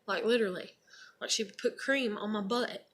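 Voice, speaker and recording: A woman's voice: medium pitch, a little fast, fairly bright tone. Rambling young woman telling a story. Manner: rambling, heavy on fillers like "like" and "you know"; blunt, swears casually. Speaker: vlogger. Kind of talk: casual personal storytelling.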